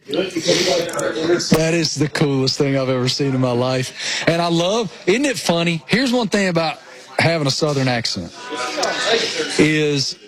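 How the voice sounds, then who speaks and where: A man with a thick rural Appalachian accent, co-hosting a sports radio show, telling self-mocking stories in casual banter. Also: fairly high pitch. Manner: animated storyteller, self-mocking. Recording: remote link with crowd noise behind.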